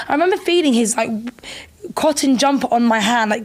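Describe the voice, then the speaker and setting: A young woman co-hosting a podcast, telling stories in an animated, fast casual chat. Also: high voice. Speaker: podcast co-host.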